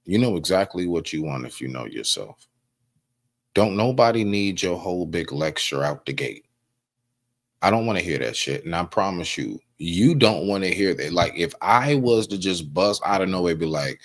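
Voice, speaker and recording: A man co-hosting a casual livestream talk, animated, swearing freely and slipping into acted quotes. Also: low-pitched, moderate pace. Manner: swears freely, street slang. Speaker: podcast co-host.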